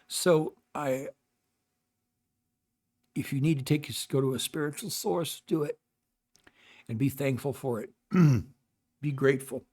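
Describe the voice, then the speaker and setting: Older male vlog host, halting, rambling delivery, ordinary mid-range voice. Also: mid-range voice, darkish tone, breathy edge. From North America. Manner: rambling, halting, with many restarts and fillers. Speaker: channel host. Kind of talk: casual talk to camera.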